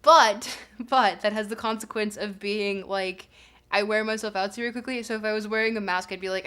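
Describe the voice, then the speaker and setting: A young adult woman livestreams, reading her chat and chatting casually with viewers. Her mid-range voice moves at a moderate pace, rambling with fillers before breaking into playful, excited bursts.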